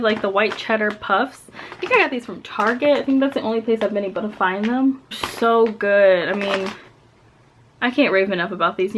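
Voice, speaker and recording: A woman's voice: mid-range voice, a bit bright, a little hiss or hum. A young woman vlogging casually to camera, chatty and enthusiastic about her favorite snacks. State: out of breath. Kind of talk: casual product talk to camera.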